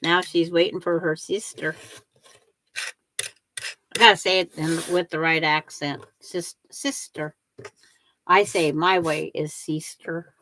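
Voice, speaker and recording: Slow, chatty older woman quilting. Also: low-pitched, steady tone, a bit bright, a little hiss or hum. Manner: chatty, answers viewers and talks herself through each step. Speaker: quilting livestream host. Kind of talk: casual chat while sewing.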